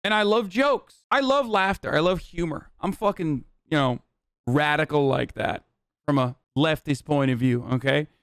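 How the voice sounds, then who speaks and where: A man's voice: fairly high pitch, moderate pace, a bit bright, smooth, dry recording, studio quality. A man hosting a livestream, giving loose, profane, chatty reaction commentary. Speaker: livestream host.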